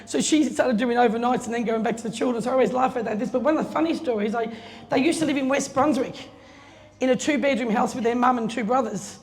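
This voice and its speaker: A middle-aged woman with a fairly high, darkish voice talks quickly as a guest speaker at an opening in an event space. She tells a chatty story full of laughter, acting out the voices of its characters, in casual anecdotal style. The recording has a long reverb and faint room noise.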